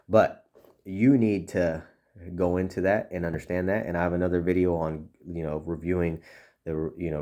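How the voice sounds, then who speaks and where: Deep-voiced earnest man coaching chiropractors. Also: a little mellow. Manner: earnest, repeats words, many "you know" fillers. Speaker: chiropractic consultant. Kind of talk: casual coaching talk to chiropractors.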